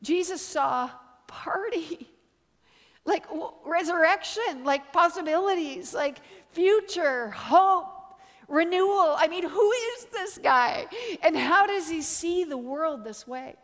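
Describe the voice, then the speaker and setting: A high-pitched woman from Canada giving a lively, story-driven sermon. She talks casually, peppering her lines with "like" and "uh" and jumping higher to act out quotes. Her voice rings with the long reverb of a large hall. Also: slow. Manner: animated, chatty, full of "like" and "uh", acts out quotes in higher voice. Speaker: guest preacher.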